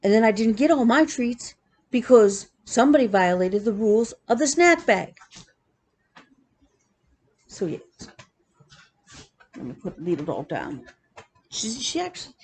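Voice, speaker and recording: A woman vlogging about her cross-stitch hobby, telling animated, chatty stories with laughs. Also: fairly high pitch, unhurried, pauses often, slight background noise. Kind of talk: casual chat.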